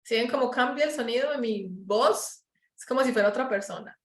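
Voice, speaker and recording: A woman from Colombia with a Paisa Spanish accent, teaching an English class and modelling sounds slowly, slipping into Spanish to explain. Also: fairly high pitch, echoey room, poor audio.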